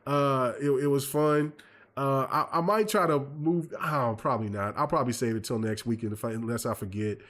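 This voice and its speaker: A man hosting a gaming podcast, telling stories in a lively, rambling way full of fillers and restarts. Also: medium pitch, brisk. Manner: animated storyteller, many fillers and restarts. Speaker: podcast host. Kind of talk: casual chat.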